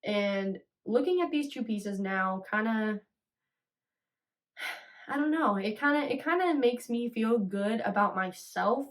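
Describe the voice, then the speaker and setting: A young woman hosting a solo podcast who reads a personal goodbye letter aloud, emotional and often sighing and pausing to steady herself. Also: medium pitch, recorded from a distance. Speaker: podcast host.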